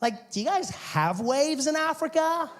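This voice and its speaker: A woman's voice: expressive, slight background noise. A man putting on a gushing Californian surfer girl. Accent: Californian valley-girl. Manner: high, gushing, drawn-out. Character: bubbly young American surfer woman, airheaded.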